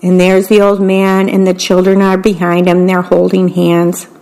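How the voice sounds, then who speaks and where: A woman's voice: lowish voice, completely flat delivery. A woman reading children's bedtime stories aloud for a volunteer reading-service radio program, describing the pictures as she goes. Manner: slow, gentle storybook reading, describing the pictures.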